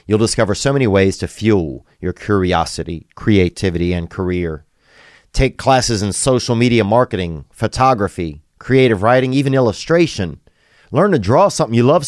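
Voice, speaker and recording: A man's voice: lowish voice, darkish tone, no room sound, studio quality. A man with a Southern US accent hosting a podcast, reading an ad with loose ad-libs and chatting casually. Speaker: podcast host. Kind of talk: casual chat and read ad.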